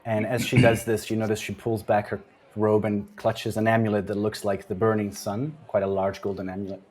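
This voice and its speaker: A man narrating a tabletop game as game master, chatty and relaxed, often restarting his sentences. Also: on the low side, brisk.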